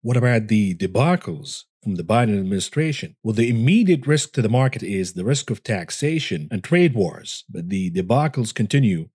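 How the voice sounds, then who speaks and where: A man's voice: fairly low pitch, sing-song, normal speed, few pauses, darkish tone, breathy edge, no echo, clean studio sound. A man hosting market commentary, combative and scornful, asking rhetorical questions and answering them himself.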